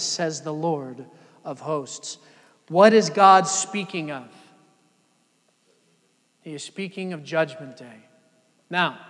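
Man, pastor, high voice, sermon, loud peaks and soft lows, long reverb of a church. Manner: dynamic preaching, swinging from loud emphatic peaks to soft low passages. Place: church sanctuary.

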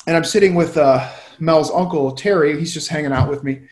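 A man's voice: a little high, fairly quick, a little mellow, echoey room. A man co-hosting a webinar, telling stories in a loose, rambling way with lots of filler words, over a video call. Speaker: co-host. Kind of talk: casual chat, storytelling.

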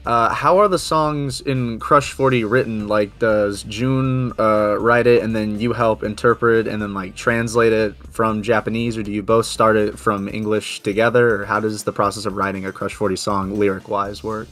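Low-voiced man asking interview questions. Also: fairly even intonation, moderate pace, few pauses, fairly bright tone, faint music behind. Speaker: podcast host.

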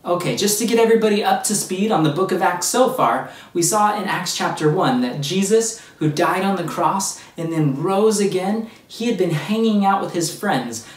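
An upbeat children's church teacher walks kids through a Bible story and chats with them directly. The voice sits at a middling pitch and sounds a little distant from the mic. It carries a roomy echo. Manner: upbeat, speaks straight to children. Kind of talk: kids' Bible lesson. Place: church room.

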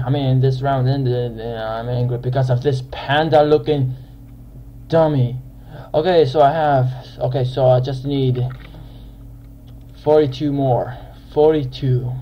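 Excitable young man, slow gameplay commentary. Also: mid-range voice. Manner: excitable, yelling in frustration at other players. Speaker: gaming channel host.

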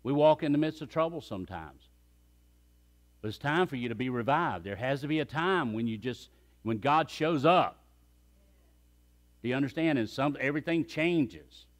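A man's voice: mid-range voice, expressive, moderate pace, pauses often. A man preaching a sermon as pastor, emphatic and calling on the congregation to repeat phrases after him.

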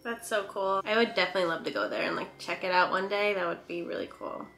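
A woman's voice: medium pitch, quick pace. A woman hosting a casual reaction video, gushing and gasping with delight at each clip. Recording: echoey room with faint music.

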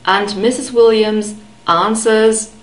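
A woman teaching German pronunciation to beginners, patiently repeating each word slowly and clearly. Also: mid-range voice, fairly even intonation, reverberant, low-quality recording. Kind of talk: slow, careful pronunciation lesson.

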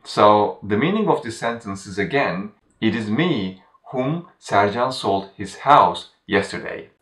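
A man teaching a grammar lesson in scripted narration, speaking deliberately and repeating each example sentence. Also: lowish voice, animated, a bit bright, roomy sound, recorded from a distance. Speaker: language teacher.

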